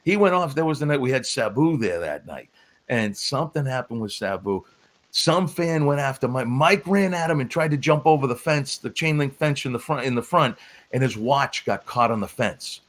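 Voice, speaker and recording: A man who is a former wrestling referee, guest on a podcast, telling stories in an animated, laughing way. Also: medium pitch, moderate pace. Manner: animated storyteller, breaks into laughs. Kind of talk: casual storytelling on a podcast.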